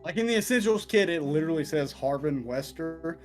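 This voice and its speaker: Animated man chatting about a game he ran. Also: a little high, brisk, soft background music. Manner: animated, swears freely, acts out goofy quotes. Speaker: dungeon master. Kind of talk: casual post-series chat.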